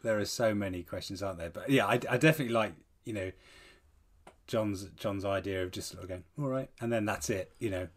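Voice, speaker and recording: Low-voiced easygoing man. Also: fast. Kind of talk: casual podcast chat.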